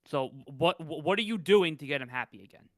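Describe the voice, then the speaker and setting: A man's voice: fairly high pitch, expressive, fairly quick, a bit bright, no room sound. A man on a sports podcast putting a question to his co-host, restarting his phrases as he goes. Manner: poses questions to his co-host, repeating himself as he starts. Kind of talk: casual sports chat.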